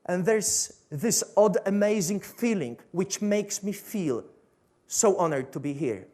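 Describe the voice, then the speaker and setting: A man's voice: high-pitched, expressive, takes it slowly, dark tone. A man with a Polish accent giving a motivational stage talk as a coach, pressing his point with rhetorical questions and repetition. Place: stage before a seated audience.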